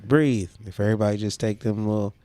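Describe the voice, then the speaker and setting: Low-voiced chill guy cohosting, teasing his buddy, cusses, mellow tone. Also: fairly quick, no echo. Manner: laid-back, teasing, profane. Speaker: podcast co-host. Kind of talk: casual chat.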